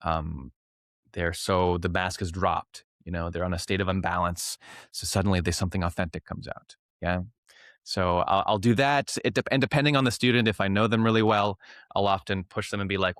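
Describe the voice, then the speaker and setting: A man's voice: deep voice, a little fast, no echo, clean studio sound. A young Canadian man, a clown and improv teacher, talking casually in an interview and acting out classroom voices. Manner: animated storyteller, acts out classroom voices.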